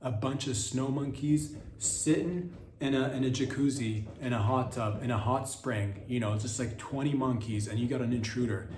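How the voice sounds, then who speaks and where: Male comic host, mid-pitched, riffs crude bits with frequent restarts; echoey room sound. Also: normal speed, noisy background. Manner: crude, riffing, stumbling restarts. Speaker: podcast host. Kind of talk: rambling comedic monologue. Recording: roomy echo.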